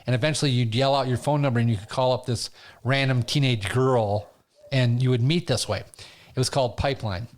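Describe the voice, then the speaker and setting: Animated male comedian telling stories. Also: mid-range voice, a little fast. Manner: animated, laughs through his stories. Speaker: stand-up comedian, interview guest. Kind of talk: casual storytelling.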